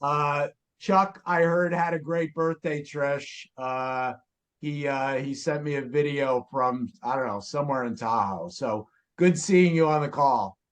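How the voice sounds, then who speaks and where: A man hosting an interview over a video call, relaxed and friendly. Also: medium pitch, unhurried. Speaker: host.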